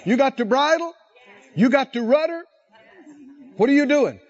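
Male preacher, high and animated, calls out to the congregation, muffled lo-fi sound. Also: moderate pace. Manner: rousing, calls to the congregation, laughs often. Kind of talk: sermon.

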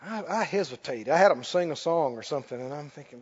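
A man preaching a sermon, telling a story with laughs and loud bursts of prayer. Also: fairly high pitch, expressive, quick pace, hardly any pauses, slightly rough. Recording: dull lo-fi sound with long hall reverb.

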